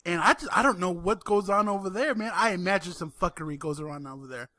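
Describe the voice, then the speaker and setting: A man's voice: high voice, fast talker, bright, forceful tone, dry recording, studio quality. A man co-hosting a podcast, complaining in an exasperated way and repeating himself in casual chat. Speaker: podcast co-host.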